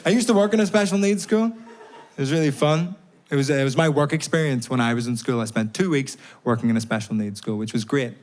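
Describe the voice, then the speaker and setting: A man doing a stand-up routine, telling stories in a deadpan way with timed pauses, on stage at a live comedy venue. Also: medium pitch. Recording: live show recording with audience noise.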